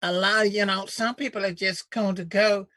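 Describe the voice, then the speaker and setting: A man doing an impression of a folksy older male senator with a slow, exaggerated Louisiana Southern drawl. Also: sits high, fairly even intonation, pushed and bright, no echo, studio quality, voice pushed up. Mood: folksy, callous.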